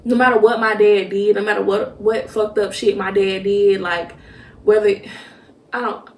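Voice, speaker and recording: A young woman hosts a podcast, talking through a personal story in a halting, emotional way with many restarts. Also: medium pitch, little pitch movement. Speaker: podcast host. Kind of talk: personal reflective monologue. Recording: roomy echo, mic at a distance.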